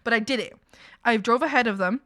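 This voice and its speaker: A woman's voice: on the high side, fast, fairly bright tone, no echo, studio quality. A young woman streamer telling her chat a story in a rambling way, full of "like" and restarts.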